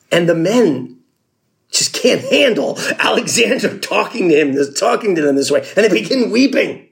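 A man's voice: high voice, sing-song, normal speed, gravelly. A man preaching a sermon in a conversational storytelling way, acting out the people in the story. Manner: conversational storytelling, acts out quotes with laughs. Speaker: pastor.

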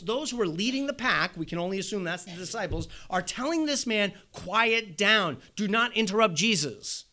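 A man preaching a sermon, animated, asking rhetorical questions and acting out the voices of the people he quotes. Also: high-pitched. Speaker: pastor.

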